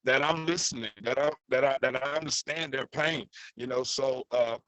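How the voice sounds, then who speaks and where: A man sharing personally in a group, speaking softly and haltingly with many fillers. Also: medium pitch, no room sound, dull audio. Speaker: peer supporter.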